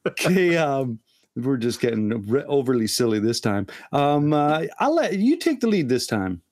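A man's voice: mid-range voice, very animated, moderate pace, darkish tone. Playful man chatting with many fillers. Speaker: board game podcast co-host. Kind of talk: casual chat.

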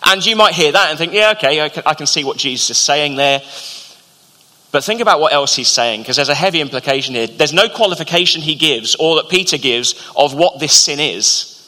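A man preaching a sermon as pastor, earnest and measured, with slow emphatic pauses. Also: on the high side, lively intonation, sharp tone. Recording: long hall reverb.

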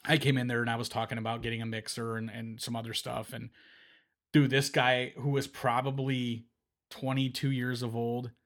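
A male podcast host rambles through a story, stopping and restarting his sentences as he goes. His voice sits at an ordinary middle pitch, and he talks into a podcast microphone. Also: little pitch movement, moderate pace, a bit bright. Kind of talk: casual chat.

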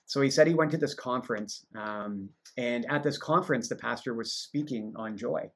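A man's voice: medium pitch, moderate pace. A man hosting a livestreamed faith podcast, chatting casually and telling stories with frequent laughter. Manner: animated storyteller, laughs often. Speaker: podcast host.

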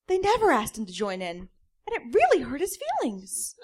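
A woman comedian reading a story aloud in a deadpan manner, now and then cracking up. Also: fairly high pitch, brisk. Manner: deadpan, breaks into laughter.

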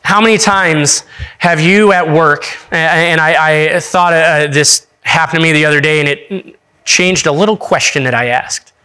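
A man's voice: a little high, moderate pace, sharp tone, smooth. A young adult man, an associate pastor, preaching in a casual storytelling way, laughing often and restarting his sentences.

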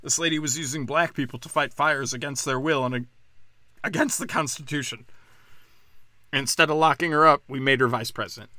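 A man delivering a profane, sarcastic political rant, swinging between loud outbursts and low muttering. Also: fairly even intonation, brisk, no room sound. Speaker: political commentator.

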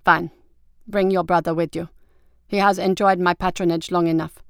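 Woman voicing a cold, deliberate male patron. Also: lowish voice, little pitch movement, clean tone, no echo, studio quality, natural voice. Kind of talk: audiobook character voice.

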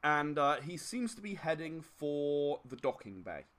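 A man narrating a tabletop game as game master, with a lively, swooping voice pitched slightly high. He rambles, chuckles and fills gaps with "um.". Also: a little slow. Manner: rambling, chuckling, many fillers.

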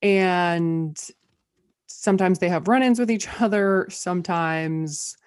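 A woman's voice: lowish voice, slow, clear, resonant tone, dry recording, clean studio sound. A woman co-hosting a podcast, chatting casually about TV shows with lots of "like" fillers. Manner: bubbly, many "like" fillers. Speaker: podcast co-host. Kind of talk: casual review chat.

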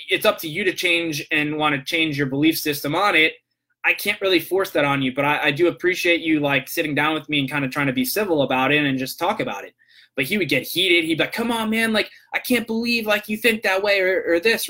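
Man, slightly high and bright voice, loose off-the-cuff vlog monologue, rambling with lots of self-corrections. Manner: rambling, self-correcting, keeps asking "right?". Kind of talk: casual opinion monologue to viewers.

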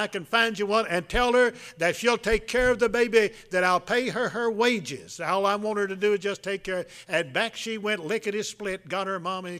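A man preaching a folksy sermon, telling a Bible story in a halting way with many filler sounds. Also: fairly high pitch, a bit bright.

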